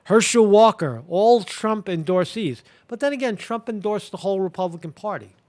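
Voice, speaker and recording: A man's voice: high voice, lively intonation, moderate pace, darkish tone. A man hosting a live commentary show, talking casually with many fillers, restarts and crude language. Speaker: show host.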